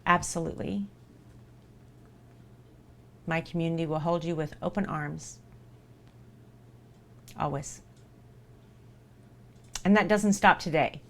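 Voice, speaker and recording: A woman's voice: low-pitched, takes it slowly, long pauses, a bit bright. A woman streamer talking live to her viewers in an earnest, reassuring way, repeating herself for emphasis.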